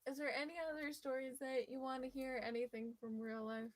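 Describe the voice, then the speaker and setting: ऊँची आवाज़ वाली चंचल महिला कथावाचक. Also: female voice, high-pitched, a little fast, rough recording. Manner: lively, playful, mischievous. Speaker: vlogger telling a story. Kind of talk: casual storytelling.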